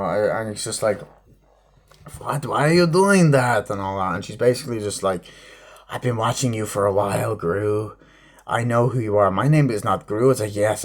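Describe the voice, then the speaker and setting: A man giving a rambling, profane spoken movie review, acting out scenes in quick snippets. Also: medium pitch, a little mellow.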